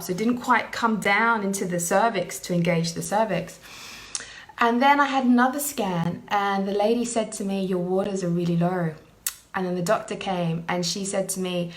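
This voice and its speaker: Woman telling a heartfelt personal story. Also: medium pitch. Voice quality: emotional, earnest. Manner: frequent "you know" fillers, lively retelling.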